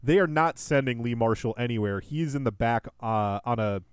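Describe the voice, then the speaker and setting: A man's voice: medium pitch, moderate pace, clean tone, dry recording, clean studio sound. A man co-hosting a podcast, joking and laughing often in casual chat. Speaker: podcast co-host.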